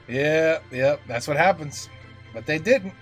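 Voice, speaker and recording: A man giving casual reaction commentary in an animated, rambling way. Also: on the high side. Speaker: reaction channel host.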